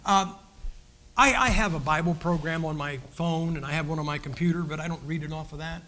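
A man's voice: a little high, fairly quick, bright, forceful tone. An older man, preaching a sermon in a folksy, joking style with many restarts. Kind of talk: sermon with humorous stories.

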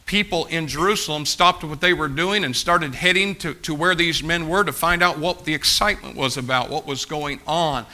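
A man's voice: a little high, normal speed, hardly any pauses, bright, forceful tone. A man preaching a sermon as pastor, urging and exhorting his congregation with fervent repetition.

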